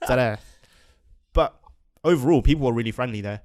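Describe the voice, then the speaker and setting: Brief: relaxed young male host, mid-pitched, easygoing laughs, very dry close recording. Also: fairly quick, dry recording. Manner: laid-back, laughs often. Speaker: podcast host. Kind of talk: casual chat. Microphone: video call.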